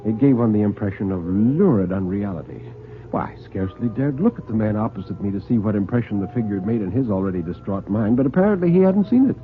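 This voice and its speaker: A man's voice: on the low side, fast, slight background noise. A man narrating a suspense story in a theatrical radio storytelling style, also introducing the next tale as host. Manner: theatrical, expressive. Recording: tinny old radio broadcast.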